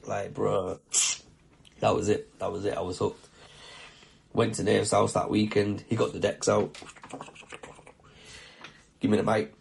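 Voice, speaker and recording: Male podcast host, lowish gravelly voice, slangy and sweary, heartfelt casual storytelling. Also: level tone, slow, long pauses.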